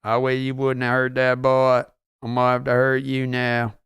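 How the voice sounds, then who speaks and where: A man doing a flat, mumbling drawler. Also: mid-range voice, moderate pace, clean tone, no room sound, lightly acted. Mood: menacing. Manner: flat, drawling mumble with grunts between lines. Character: slow, mumbling, troubled Southern man from a film.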